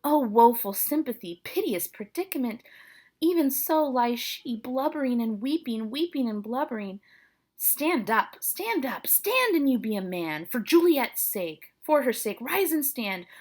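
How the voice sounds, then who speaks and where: A woman voicing a fussy older woman servant in a high, fluttery, wailing voice while reading a play aloud. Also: animated, unhurried, a little mellow. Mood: fretful.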